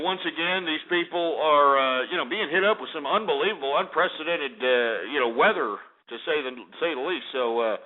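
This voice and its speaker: Ranting male radio host, tinny sound. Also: a little high. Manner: ranting and insulting callers, many filler sounds. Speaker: radio talk show host. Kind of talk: call-in radio talk. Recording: tinny phone-like audio.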